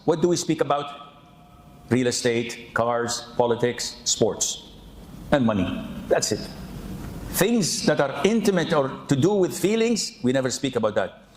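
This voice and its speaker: A man preaching a lively sermon with humorous asides, animated and often saying 'yani'. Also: mid-range voice. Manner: animated, mimics people, peppers speech with 'yani'. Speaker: Islamic preacher. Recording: echoey hall.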